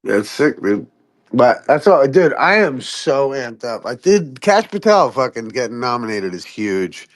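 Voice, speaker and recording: A man chatting casually on a podcast, swearing often and jumping into high-pitched impressions of other people. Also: unhurried. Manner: profane, animated, mimics people in high voices. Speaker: podcast host. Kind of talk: casual chat.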